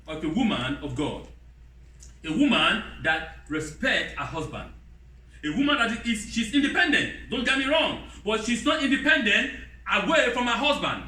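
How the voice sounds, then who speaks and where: A man preaching a sermon in non-native English with broken grammar, lively, mimicking other voices in a high pitch. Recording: roomy hall, voice from a distance.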